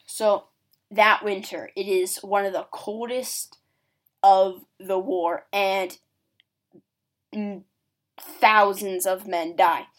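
A woman's voice: mid-range voice, steady tone, takes it slowly, long pauses. A woman talks through a history lesson in a casual, chatty way. She drops in "like" and acts out little quoted voices as she explains. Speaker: history presenter.

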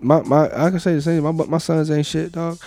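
A man's voice: a little high, level tone, fairly quick, warm tone, dry recording, faint music behind. A middle-aged man co-hosting a podcast, telling a long casual story full of fillers and profanity. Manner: loose, rambling storyteller with frequent profanity and fillers. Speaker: podcast co-host.

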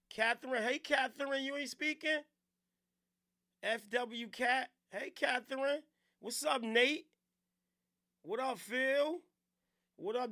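A man from New Jersey, a radio host, chatting casually on a live stream and shouting out viewers with loud hype. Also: very high voice, gravelly.

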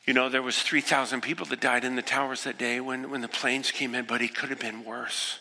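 A pastor in his sixties delivering an earnest sermon, moving from hushed, quiet passages to impassioned ones. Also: mid-range voice, little pitch movement, fairly quick, vocal fry, hardly any pauses. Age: 60s. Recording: echoey hall with long reverb.

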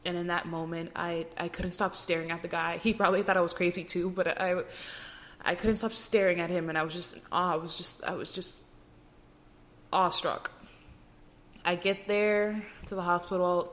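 A young woman hosting a podcast, telling her personal faith testimony in an earnest, emotional way with frequent restarts. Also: lowish voice. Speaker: podcast host.

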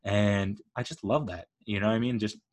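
A man's voice: on the low side, fairly even intonation, normal speed. A man giving a casual, rambling spoken review of a TV show, enthusiastic and full of fillers like "uh" and "like".

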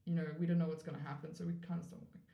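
Woman from South Africa, podcast guest. Lowish voice, animated storyteller, lots of "like", roomy echo. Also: rapid-fire, creaky, muffled recording. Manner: animated, acts out quoted voices, frequent "like" fillers. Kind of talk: storytelling in a casual interview. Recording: roomy echoey room.

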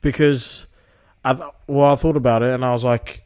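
A man's voice: medium pitch, steady tone, moderate pace, darkish tone, clear, resonant tone. A young man hosting a casual solo podcast, talking reflectively and often checking in with the listener through tag questions. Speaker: podcast host.

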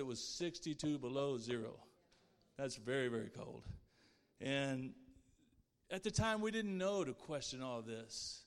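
A man's voice: a little high, clean tone, big-room sound. A man sharing a personal faith testimony in an earnest, heartfelt way. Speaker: guest speaker sharing his testimony.

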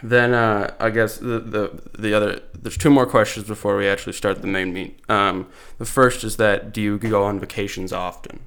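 A young man hosting a casual podcast, rambling and animated, often restarting his sentences and laughing. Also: lowish voice, moderate pace, few pauses. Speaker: podcast host. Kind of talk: casual chat.

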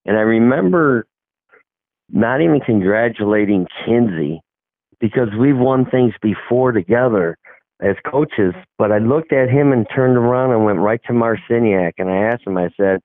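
A man's voice: medium pitch, normal speed, no room sound. Middle-aged man telling a story over a tinny line. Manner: rambling, acts out quoted dialogue. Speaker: hockey coach. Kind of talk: casual storytelling. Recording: tinny phone-like line, dry.

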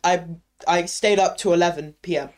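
Young dude co-hosting, cheeky and crude, just chatting. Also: male voice, sits high, normal speed. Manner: cheeky, crude quips, giggly. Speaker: podcast co-host. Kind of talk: casual podcast chat.

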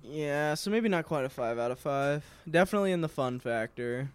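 Smooth-voiced, hesitant male co-host. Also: fairly high pitch, expressive, normal speed. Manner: hesitant, trailing off, agreeable. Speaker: podcast co-host. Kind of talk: casual card-review chat.

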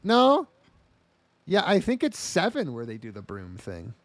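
A man's voice: a little high, wildly swooping pitch, measured pace. A man co-hosting a podcast in casual chat, joking and riffing on an anime episode. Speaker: podcast co-host.

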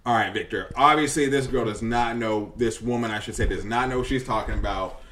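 A man's voice: mid-range voice, fairly quick, a bit bright, slight background noise. A man hosting a casual podcast, joking around and steering the talk. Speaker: podcast host.

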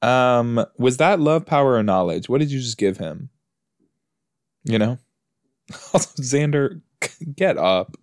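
A male podcast host with an expressive mid-range voice speaks slowly and pauses often. His commentary on a TV episode he's watching is chatty and joking, and he talks back to the screen. Clean, dry studio sound.

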